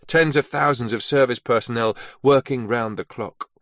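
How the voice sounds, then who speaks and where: A man narrating an action thriller audiobook in a measured, steady read. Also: medium pitch, dry recording, clean studio sound. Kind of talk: scripted narration.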